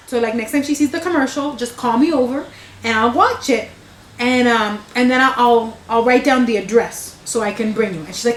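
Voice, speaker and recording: A woman's voice: a little high, moderate pace, reverberant. Woman telling a rambling family story. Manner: meandering, self-interrupting, amused. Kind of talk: casual storytelling.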